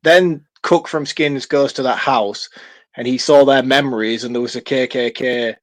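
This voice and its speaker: A man co-hosting a casual film-review podcast, excitable and swearing freely in long runs. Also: mid-range voice, normal speed. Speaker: podcast co-host.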